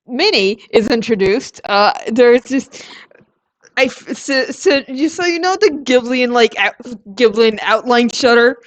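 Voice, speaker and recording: A woman's voice: fairly high pitch, expressive, unhurried. A woman player in a tabletop game, talking casually with hesitant, rambling phrasing. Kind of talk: casual chat.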